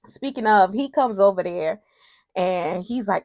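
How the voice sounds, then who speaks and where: A woman's voice: medium pitch, a little slow, dry recording. A woman casually recapping a TV soap episode, retelling scenes with quoted lines and personal asides.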